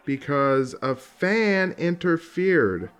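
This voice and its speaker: A man's voice: a little high, lively intonation, extremely slow, a bit bright, smooth. A man casually commentating on old fight footage, rambling, swearing often and laughing along.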